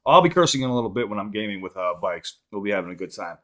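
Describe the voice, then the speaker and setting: A man's voice: lowish voice, very animated, rapid-fire, a bit bright. A young adult man from the Chicago area, hosting a casual live-stream podcast and reading out chat questions in a loose, profane, rambling way.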